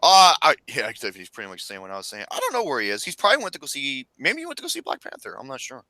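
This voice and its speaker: A man hosting a casual movie chat podcast, loud and excitable, swearing and laughing often. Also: medium pitch, rapid-fire, no room sound. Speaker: podcast host.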